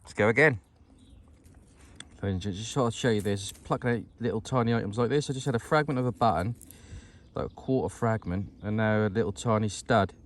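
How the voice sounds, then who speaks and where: A man's voice: fairly low pitch, a little fast. A British man vlogging outdoors in a field as he goes metal detecting. He talks to his viewers in a chatty, upbeat way and calls them ladies and gents. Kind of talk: casual outdoor walk-and-talk vlog.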